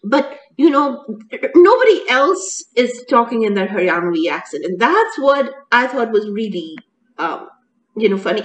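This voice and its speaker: A woman co-hosting a casual chat, talking in an animated way with many restarts and laughs. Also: on the high side, poor audio. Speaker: co-host reviewing a TV serial.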